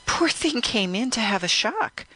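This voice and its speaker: A man reading an audiobook, voicing a brisk, blunt woman who works at a hotel bar. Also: sits high, very animated, bright, forceful tone, voice pushed up, exaggerated voice.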